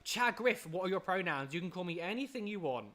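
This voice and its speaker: A live streamer in casual chat, reading and answering viewer questions, chatty and excitable, humming little tunes between answers. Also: mid-range voice, quick pace. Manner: chatty and excitable, hums filler tunes, laughs often.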